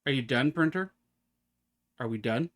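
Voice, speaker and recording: A man's voice: mid-range voice, expressive, moderate pace. A man streaming a horror game live, chatting to himself and the game with wry asides. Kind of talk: live gameplay commentary.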